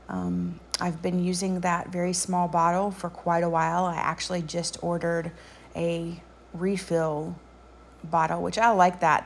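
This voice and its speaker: Woman, craft tutorial voice-over, chatty, frequent ums, gravelly voice. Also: fairly low pitch, a little hiss or hum.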